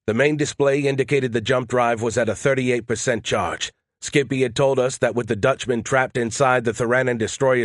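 A man giving scripted first-person audiobook narration, steady and tense. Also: medium pitch, no room sound, clean studio sound.

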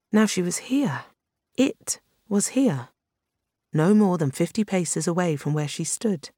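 A steady audiobook narrator reading a science fiction novel. The delivery is even and unhurried, at a middle pitch. The recording is dry and close, with no room sound. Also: dry recording.

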